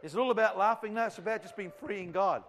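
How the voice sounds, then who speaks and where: A man's voice: high voice, fast, a bit bright. A man preaching a revival sermon to a church congregation, fervent and rambling in a conversational way. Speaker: visiting evangelist.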